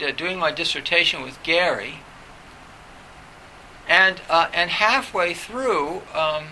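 Reflective middle-aged man with a bright voice. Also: on the high side, vocal fry, a little hiss or hum, poor audio. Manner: reflective, candid storytelling. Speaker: professor. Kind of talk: personal recollection in conversation.

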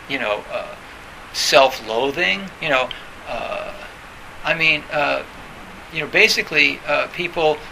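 Male meditation teacher, slightly high, gravelly voice; rambling talk with fillers, faint hiss. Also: bright, forceful tone, low-quality recording. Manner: conversational, many fillers and restarts, acts out quoted voices. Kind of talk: dharma talk.

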